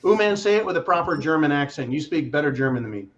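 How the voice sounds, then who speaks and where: A man hosting a casual livestream chat, joking loudly and swearing freely. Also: on the high side, expressive, quick pace, lo-fi sound. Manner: profane, joking, boisterous. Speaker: host.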